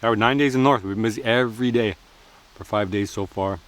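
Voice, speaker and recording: A man's voice: lowish voice, fast talker, fairly bright tone. A man chatting casually while cooking at an outdoor forest camp, joking and laughing often.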